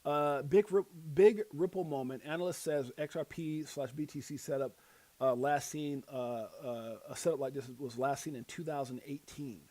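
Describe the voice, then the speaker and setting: A man's voice: on the high side, moderate pace, warm tone. A man hosting a casual live stream, rambling and self-deprecating, using slang as he reads quotes and headlines. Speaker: livestream host.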